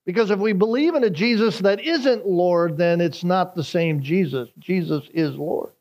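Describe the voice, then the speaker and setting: A man's voice: high voice, normal speed, darkish tone. A man preaching a sermon as a pastor, earnest and building emphasis as he explains scripture, with small repeats and restarts.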